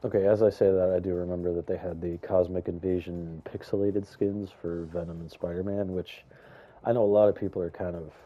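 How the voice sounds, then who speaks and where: A young man giving casual, rambling commentary on a video game, chatty and excitable, with lots of fillers and some stuttering. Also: sits low, a little fast, dull audio. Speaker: gaming YouTuber.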